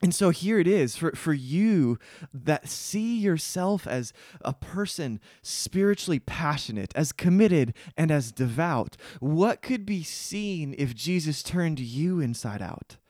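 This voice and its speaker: Earnest preacher man, lively pitch. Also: slow, no echo, clean studio sound. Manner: earnest, builds to emphatic peaks; reads scripture aloud in a lowered voice. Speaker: pastor. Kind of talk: sermon.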